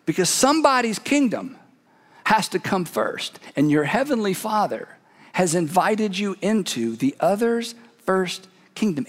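Man, pastor, conversational sermon, very high pitch, long reverb. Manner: conversational storytelling, halting restarts, emphatic asides.

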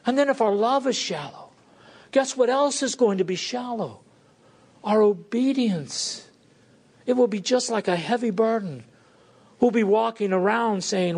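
A man preaching a sermon with fervor, rising to pleading questions and dropping low and quiet to drive points home. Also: a little slow.

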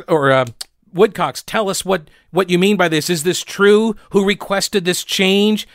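A man's voice: on the high side, fairly bright tone, dry recording. Sarcastic male talk host, dry sound. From North Carolina. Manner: chatty and sarcastic, many fillers and restarts. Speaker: radio talk show host. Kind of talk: casual political commentary.

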